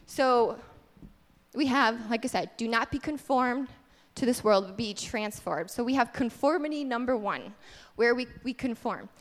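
A woman's voice: fairly high pitch, animated, a little slow. A woman giving a casual sermon-style teaching at church, candid and self-deprecating about her own faults. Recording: long hall reverb.

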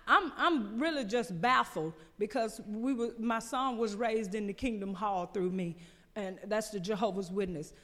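A woman's voice: fairly high pitch, a bit bright. Earnest woman testifying in a reverberant church. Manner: emotional, halting, earnest. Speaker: church member giving testimony.

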